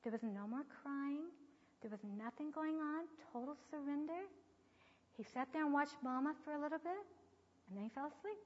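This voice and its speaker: Soft-spoken middle-aged woman in an echoing hall. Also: high-pitched, expressive, normal speed. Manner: soft-spoken, often dropping to a near whisper. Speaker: speaker on child training. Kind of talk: teaching talk with personal story. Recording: dull lo-fi sound with long hall reverb.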